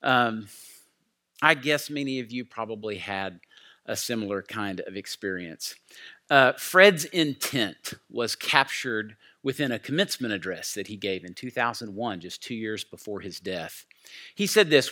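A man's voice: medium pitch, expressive, a little slow, bright, forceful tone. A man preaching a sermon in an earnest, heartfelt storytelling way. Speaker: pastor.

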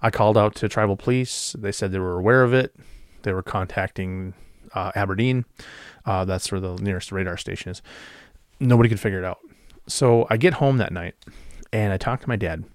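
A man's voice: lowish voice, brisk, no room sound, studio quality. A middle-aged man, a former radio DJ, casually telling strange stories from his past with many fillers and restarts. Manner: relaxed, with frequent fillers and restarts. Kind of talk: casual storytelling.

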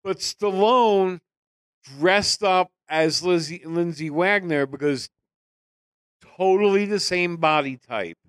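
A man's voice: sits high, slow, fairly bright tone, smooth, dry recording. A man co-hosting a podcast in casual movie-review chat, laid-back and given to dry wisecracks. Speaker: podcast co-host.

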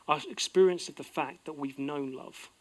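A middle-aged man delivers a sermon in an earnest, heartfelt way. His voice sits somewhat high for a man, and he moves between bright, emphatic lines and quiet, low-voiced reflection. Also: moderate pace. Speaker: pastor.

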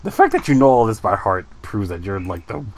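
A man in a casual group chat about collectible figures, enthusiastic and quick to laugh. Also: on the low side, sing-song, darkish tone.

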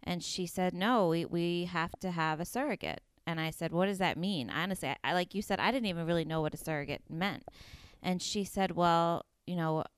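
An earnest woman in her thirties recounts a deeply personal story as an interview guest, pausing with fillers and acting out what people said. Her voice is strikingly smooth and clear and sits a little low. The recording is close and dry. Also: no echo. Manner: earnest, emotional storytelling with many fillers and quoted dialogue.

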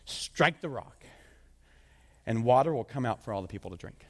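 A man voicing a calm, commanding deity in a slow, low, solemn tone. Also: long reverb tail.

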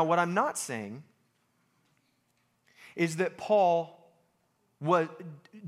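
A young American man preaching a sermon in a lively, emphatic way. He pokes fun at himself and repeats lines for weight. His voice sits a little high for a man. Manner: lively, self-deprecating, emphatic with repeated phrases. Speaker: pastor.

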